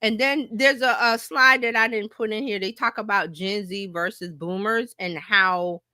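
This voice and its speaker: A middle-aged woman marketing coach giving a lively workshop presentation, talking breezily and filling gaps with a playful "da, da, da.". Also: mid-range voice, moderate pace, dry recording, studio quality.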